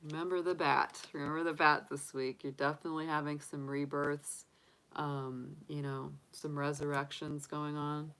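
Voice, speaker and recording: A woman reads tarot cards in a relaxed, chatty livestream. She talks in an upbeat way and fills her sentences with ums and you-knows. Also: low voice, normal speed, smooth, rough recording. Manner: chatty, upbeat, filler-heavy. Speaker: tarot reader. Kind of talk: casual livestream reading.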